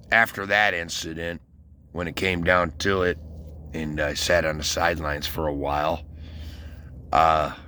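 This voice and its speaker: A man's voice: extremely low pitch, bright, forceful tone, a little hiss or hum. A man from Michigan telling a long, rambling, profane story about his military service, full of fillers and restarts. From Westland, Michigan, US. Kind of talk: casual rambling monologue.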